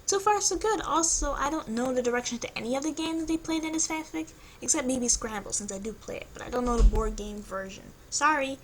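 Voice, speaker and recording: Young woman, reading own fanfiction aloud, playful asides, slightly high voice, faint background hum. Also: brisk, few pauses. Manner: lively, playful asides to viewers. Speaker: YouTuber.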